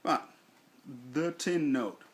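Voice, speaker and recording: A man giving a casual product review in a slow, deliberate way, thinking aloud with fillers. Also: a little high, husky. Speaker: snuff reviewer.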